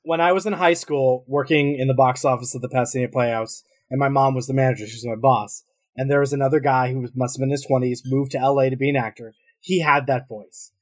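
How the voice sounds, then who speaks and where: A man's voice: medium pitch, fairly even intonation, fast. A man, co-host of a podcast, telling blunt stories in casual chat and swearing freely.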